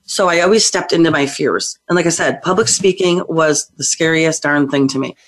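A woman's voice: low voice, normal speed. A woman guest on a talk show, a psychic medium telling her story in a hyper, rowdy, chatty way. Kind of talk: casual talk show interview.

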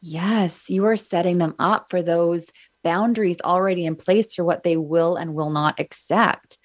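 A woman hosting a podcast, affirming her guest and thinking out loud about parenting. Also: fairly low pitch, steady tone, a little slow. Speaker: podcast host. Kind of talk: casual podcast conversation.

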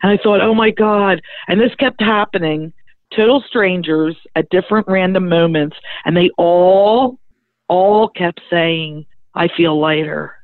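A spiritual medium telling a personal story in a chatty, animated way, acting out the voices they quote. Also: medium pitch, a little slow, dry recording. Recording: tinny phone-like dry sound.

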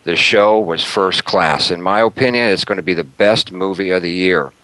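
A man's voice: deep voice, moderate pace, fairly bright tone, dry recording, rough recording. A man hosting a talk radio show in a chatty, upbeat way, with plenty of fillers and small laughs.

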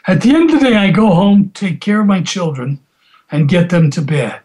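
A grieving widowed cleaning woman, a young mother, read out by a man with a high voice. The words come soft and measured, like a storybook quotation. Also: lively intonation. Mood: sorrowful.

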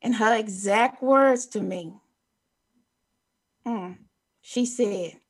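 Woman co-host, higher voice, earnest storyteller, chatty. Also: extremely slow, breathy edge. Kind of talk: casual chat, storytelling.

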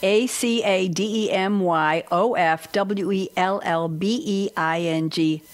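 A woman's voice: mid-range voice, slow pace. A woman hosting a panel talk, chatty and playful, spelling out guests' web addresses. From lives in Tennessee. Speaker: host. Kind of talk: casual chat.

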